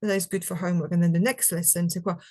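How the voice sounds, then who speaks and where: A woman's voice: lowish voice, fairly even intonation, very fast, warm tone. A woman presenting a live teaching webinar for language teachers, explaining activities step by step with many "okay"s. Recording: recorded live webinar with faint background noise.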